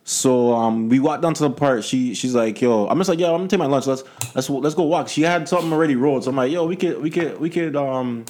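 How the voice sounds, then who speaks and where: A man talking quickly in a casual chat. He tells his stories with energy and acts out the voices of the people in them. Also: mid-range voice. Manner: animated storyteller, acts out quoted people.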